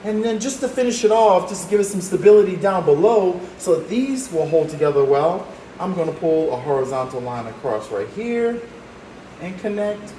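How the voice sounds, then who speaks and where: Upbeat art teacher in an echoey room. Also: male voice, sits high, animated, a little fast, mellow, a little hiss or hum. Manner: encouraging, talks while drawing step by step. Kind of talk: drawing demonstration. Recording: roomy echo, faint ambience.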